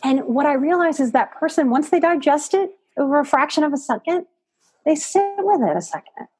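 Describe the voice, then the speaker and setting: A woman with a high, slightly mellow voice speaks fairly quickly with lively intonation as a podcast guest. A psychotherapist and life coach, she's expressive and emphatic in this conversational interview, repeating words for stress.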